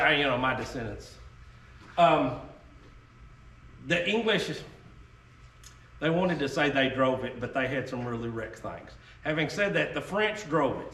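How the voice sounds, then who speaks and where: A man with a Southern US accent and a slightly high, somewhat bright voice chats casually with a group of reenactors about muskets. He's folksy and keeps adding "okay?" to check in. The recording is echoey, picked up by a distant mic with faint noise.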